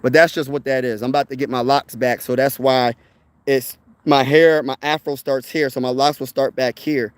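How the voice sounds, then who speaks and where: A man's voice: medium pitch, level tone, moderate pace, clear, resonant tone, dry recording. A young man hosting casual sports talk, emphatic and rambling, tossing in "bro" and "man" as he makes his point to viewers. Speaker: sports channel host.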